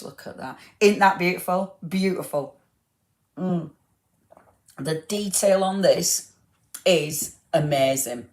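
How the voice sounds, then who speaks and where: A woman hosting a live craft product showcase, gushing over papers and chatting to viewers by name. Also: low voice. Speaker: craft shop host.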